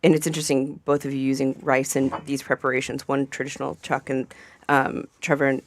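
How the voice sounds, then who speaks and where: A woman's voice: extremely low pitch, level tone, fairly quick, a little hiss or hum. A woman chef talking casually on a radio panel, rambling with plenty of fillers. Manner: chatty, rambling with many fillers. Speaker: chef guest. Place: radio studio.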